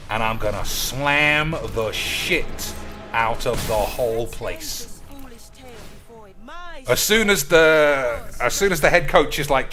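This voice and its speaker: A young man ranting as a podcast host, loud and swaggering, with sudden shouts and crude jokes. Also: mid-range voice, lively intonation, a little slow, soft background music. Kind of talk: crude comedic banter.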